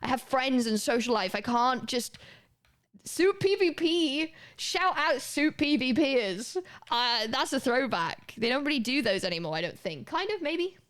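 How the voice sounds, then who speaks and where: A woman's voice: fairly high pitch, lively intonation, moderate pace, fairly bright tone. A woman, chatting casually and rambling as she streams a game, swearing now and then. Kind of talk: casual gaming commentary.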